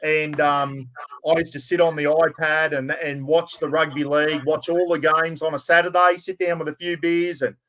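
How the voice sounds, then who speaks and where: Speaking at a moderate pace with little pitch movement, this Aussie podcast host has a high-ish, slightly bright voice. He's chatty and matey, calling everyone "mate."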